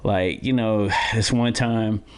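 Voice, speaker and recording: Give me a man with a low voice who rambles, repeating himself and restarting, as a podcast co-host. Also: steady tone, takes it slowly. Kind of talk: casual podcast chat and storytelling.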